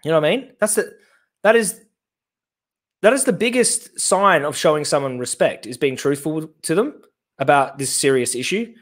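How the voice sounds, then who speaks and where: A man reacts live on a stream. He rambles with sarcastic asides, and his voice is a touch higher than most men's. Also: animated, moderate pace, fairly bright tone. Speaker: host.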